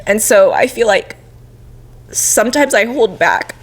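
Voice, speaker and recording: A woman's voice: medium pitch, lively intonation, unhurried, slight background noise. A young woman co-hosting a podcast, talking openly and emotionally while crying and laughing through tears. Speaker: podcast co-host. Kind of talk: casual heartfelt chat.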